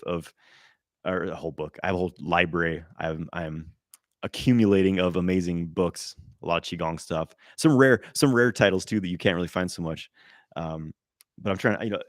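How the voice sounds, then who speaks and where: A man answering viewer questions on a live stream, loose and animated, swearing, with many fillers and restarts. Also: deep voice, dry recording, clean studio sound. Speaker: qigong teacher answering live chat questions.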